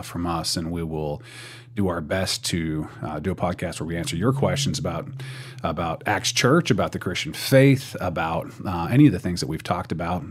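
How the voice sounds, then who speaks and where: A man's voice: low-pitched, husky. A young man hosting a church podcast in casual chat, rambling and repeating words as he thinks. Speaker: podcast host.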